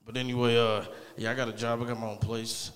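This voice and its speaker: A man's voice: medium pitch, flat delivery, fast talker, fairly bright tone. Rambling, crude stand-up comic man. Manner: rambling, crude and laid-back. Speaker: stand-up comedian. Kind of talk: open-mic stand-up set. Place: small comedy club. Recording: club mic with long reverb.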